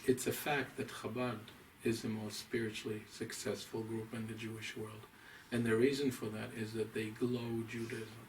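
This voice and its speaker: A man, a rabbi, giving a deliberate, emphatic, scholarly lecture to a small audience. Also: lowish voice, level tone. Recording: distant mic, faint room noise.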